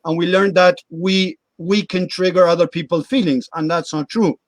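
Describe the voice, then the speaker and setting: A man's voice: high-pitched, fairly even intonation, moderate pace, no room sound. A middle-aged man, a guest coach in a casual interview, explaining his views earnestly with everyday examples.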